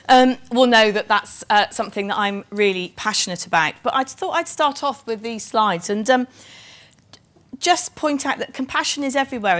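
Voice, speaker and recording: A woman's voice: fairly high pitch, a bit bright. A middle-aged woman from Bristol with a Bristol accent, giving a conference keynote in a chatty, self-deprecating way with lots of ums. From England (Bristol). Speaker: chief nursing officer giving a keynote.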